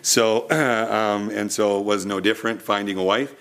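A man's voice: fairly low pitch, fairly even intonation, moderate pace, fairly bright tone. A young man preaching a sermon, telling a personal story earnestly with frequent restarts.

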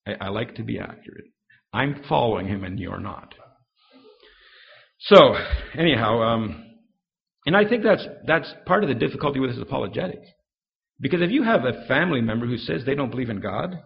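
A man giving a fast, story-driven live talk on defending the faith, acting out the voices in his anecdotes. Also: medium pitch, vocal fry, lo-fi sound. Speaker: Christian speaker.

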